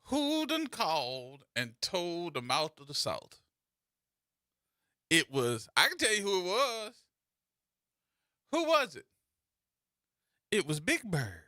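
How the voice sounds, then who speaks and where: A man hosts a casual radio talk show and spins playful, teasing stories. His voice is bright and sits a little high, with lively swings in pitch. The studio sound is dry and close. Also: takes it slowly, pauses often, no room sound.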